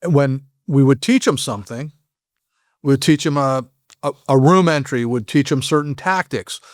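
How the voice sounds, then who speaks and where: A man's voice: mid-range voice, no echo, studio quality. A man who used to be an FBI agent, telling frank stories as a podcast guest and often restarting his sentences. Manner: frank, halting, with frequent restarts. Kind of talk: anecdotal storytelling in a podcast interview.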